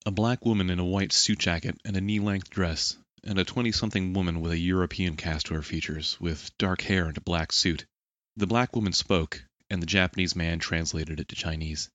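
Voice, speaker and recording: Deep-voiced male audiobook narrator. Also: dry recording, highs cut off. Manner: steady, measured storytelling.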